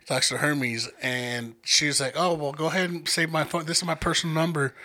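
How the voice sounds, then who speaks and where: A young man telling stories in casual, profane chat, acting out the people he quotes with lively voices. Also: fairly high pitch, normal speed. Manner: animated, profane, acts out quotes in many voices. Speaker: podcast co-host telling stories.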